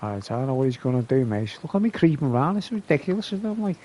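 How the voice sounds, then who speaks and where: A man's voice: mid-range voice, very animated, fast talker, dark tone. A man giving rambling, chatty live commentary while streaming a game, calling his viewers "mate".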